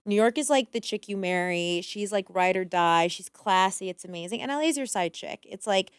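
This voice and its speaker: A woman talking as a guest in a casual podcast chat, candid and quick with asides, swearing freely. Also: medium pitch, expressive, smooth, dry recording, clean studio sound.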